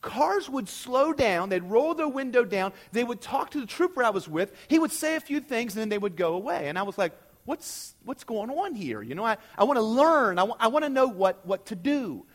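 A middle-aged pastor preaches through a personal story, checking in with his listeners as he goes. His voice sits high for a man and rises and falls widely. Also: fairly quick, few pauses. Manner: animated storytelling, often checking in with "okay?". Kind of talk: sermon.

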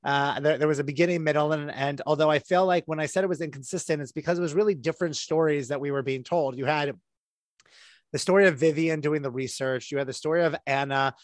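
A man's voice: a little high, fairly even intonation, fast, dry recording, clean studio sound. A man co-hosting a casual review chat, giving his opinions in long, flowing runs. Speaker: podcast co-host.

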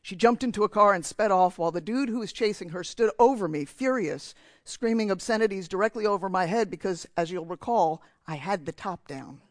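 A man's voice: sits high, brisk, no room sound. A man from New Jersey giving a sermon in church, telling a candid, self-mocking story about himself. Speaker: preacher.

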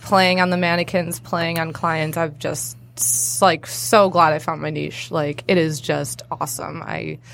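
A woman's voice: low-pitched, level tone, measured pace, gravelly, few pauses, fairly bright tone, slight background noise. A young adult woman, a hairstylist and cosplayer, chatting as a podcast guest in a bubbly way with frequent laughs. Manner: bubbly, laughs often, lots of fillers. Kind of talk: casual interview chat.

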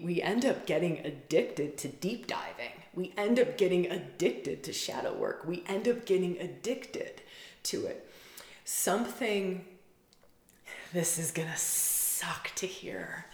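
A woman with a slightly low voice talks in a loose, rambling monologue, piling up repeated words for emphasis. The sound is roomy and echoey. She sounds intimate, as though she is speaking to a small group of students. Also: slow, a little mellow. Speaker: spiritual facilitator. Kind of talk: casual monologue.

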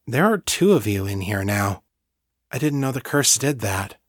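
A man voicing a pregnant teenage psychic girl who speaks gravely, quietly and flatly. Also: mid-range voice, normal speed, dry recording, clean studio sound, lightly acted.

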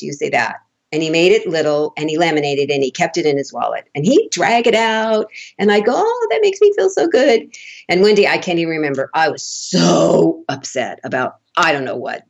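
A woman with a low, brisk, creaky voice, a relationship coach guesting on a podcast. She tells candid, folksy stories, acts out the dialogue, laughs often and swears casually in this conversational interview.

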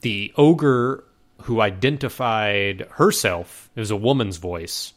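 A man co-hosting a casual podcast chat, talking in a relaxed way with many fillers and restarts. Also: on the low side, slow. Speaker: podcast co-host.

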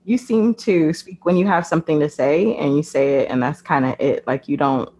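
A woman's voice: low voice, normal speed, dark tone, slightly rough. A woman interviewing a guest in a curious, chatty way. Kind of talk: casual interview chat.

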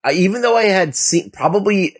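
A man co-hosting a casual movie review podcast, talking in an animated way with lots of fillers and laughter. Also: high voice, fairly quick, breathy edge. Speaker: podcast co-host.

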